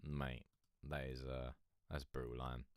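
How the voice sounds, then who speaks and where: A man's voice: rumbling low, little pitch movement, a little slow, smooth, dry recording, clean studio sound. A young man with a cold, hosting a music review stream in rambling, profane, chummy casual chat. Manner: rambling, profane, chummy, calls listener mate. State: has a cold. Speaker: music review show host. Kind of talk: casual chat reacting to submitted tracks.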